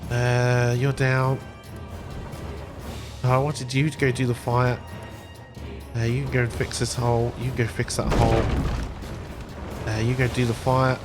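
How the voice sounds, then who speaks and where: A man streaming a game live, quickly ordering his crew around and reading the game's text aloud. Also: medium pitch, level tone, over music. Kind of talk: live gameplay commentary.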